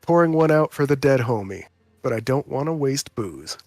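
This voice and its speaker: A man's voice: medium pitch, lively intonation, normal speed, darkish tone, dry recording. A man voicing a drunk, amused male necromancer who commands zombies, speaking in a lazy, unbothered drawl.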